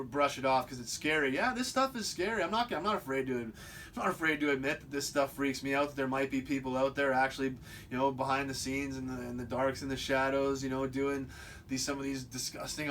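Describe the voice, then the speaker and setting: Casting: male host, loose unscripted monologue, mid-pitched, stumbles and restarts, faint rumble behind. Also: a bit bright. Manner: rambling, many restarts and repeats. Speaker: video host. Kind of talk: casual monologue.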